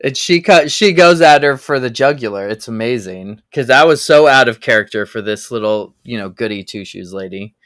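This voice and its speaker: A man's voice: medium pitch, animated, normal speed, hardly any pauses, fairly bright tone, no echo, studio quality. A man on a film podcast, talking through his reading of a scene in a reflective way. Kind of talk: casual film discussion.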